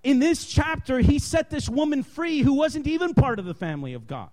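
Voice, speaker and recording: Male preacher, sermon delivery, very high voice, swooping animated intonation, impassioned. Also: a little fast. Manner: impassioned, emphatic, building to shouts.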